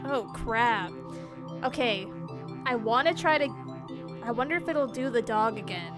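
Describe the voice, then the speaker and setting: A high-pitched woman streamer reads a horror game's text aloud and breaks into quick, jumpy reactions with frequent laughter. Game music plays clearly behind her voice. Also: expressive. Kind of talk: live gameplay commentary, reading game text aloud.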